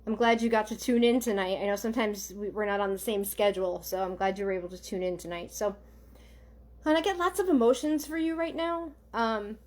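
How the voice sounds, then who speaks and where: Woman, psychic medium, live online reading, gentle, halting, mid-range voice. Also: mid-range voice, steady tone. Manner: halting, gentle, addresses viewers directly with many ums and okays.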